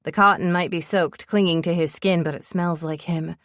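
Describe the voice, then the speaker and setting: A woman's voice: fairly low pitch, steady tone, moderate pace, a bit bright, no echo, clean studio sound. A woman narrating a romance audiobook in first person, telling the story with breathless urgency.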